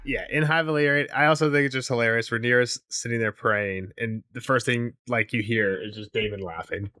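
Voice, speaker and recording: A man's voice: mid-range voice, fairly quick. A young man co-hosting a podcast, casually recapping a TV episode, acting out character lines and laughing often. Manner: animated retelling, quoting characters, laughing often. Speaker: podcast co-host.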